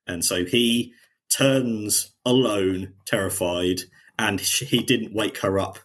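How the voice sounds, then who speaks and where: A man's voice: fairly low pitch, slow, fairly bright tone, a little hiss or hum. A man, co-hosting a podcast and casually retelling scenes from a show. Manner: retelling scenes, quoting characters in a lighter voice. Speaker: podcast co-host. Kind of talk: casual chat.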